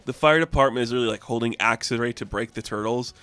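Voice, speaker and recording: A man's voice: mid-range voice, fast talker, fairly bright tone, smooth, no room sound. A man giving a casual, enthusiastic spoken review of a comic book, with lots of filler words.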